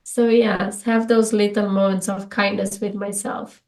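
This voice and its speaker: A woman from Romania, a guest in an interview, talking reflectively in English with earnest, halting sentences and frequent restarts. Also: medium pitch, little pitch movement, a little mellow. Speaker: guest speaker.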